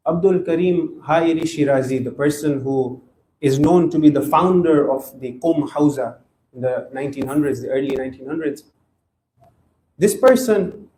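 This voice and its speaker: Guy preaching a majlis sermon, kinda high voice but mellow, lots of echo. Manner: earnest preaching, acts out quoted dialogue. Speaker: speaker at a Muharram majlis. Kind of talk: sermon storytelling. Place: mosque or hall gathering.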